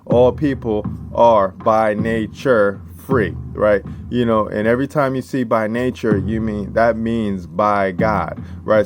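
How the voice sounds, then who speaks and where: A man giving a casual, emphatic lesson, reading out constitution passages and checking in with "right?" after each point. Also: lowish voice. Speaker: civics teacher. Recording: steady background noise.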